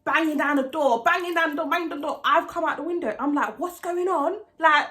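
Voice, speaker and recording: A young woman telling a storytime vlog, acting out what people said with shouts and laughs. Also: high voice, fast. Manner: animated storytelling, acts out quotes with shouts and laughs. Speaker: vlogger.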